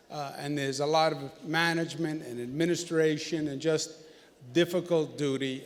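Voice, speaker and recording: A man giving a speech at a ceremony, joking and emphatic. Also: a little high. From New York. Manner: joking, then emphatic and forceful. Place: large banquet hall. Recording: echoey hall.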